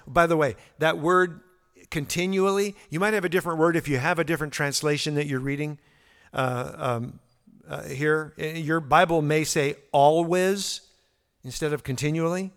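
This Bible teacher walks through a psalm verse by verse, talking conversationally with fillers and repeated words. His voice sits on the high side, clear, resonant and a bit bright, with fairly even intonation at a normal speed. A long hall reverb surrounds the recording.

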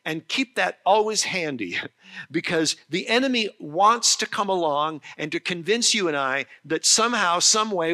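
Male preacher mid-sermon; earnest, explanatory delivery, bright and slightly high voice. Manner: earnest, with frequent restarts and slow emphasis on key phrases. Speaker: pastor.

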